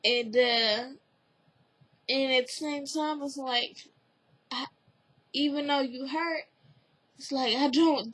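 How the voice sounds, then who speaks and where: Slow, high-voiced woman recapping TV. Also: fairly even intonation, fairly bright tone, low-quality recording. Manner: rambling, heavy use of "like" and "you know"; earnest and emotionally open. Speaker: TV recap vlogger. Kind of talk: casual spoken episode review.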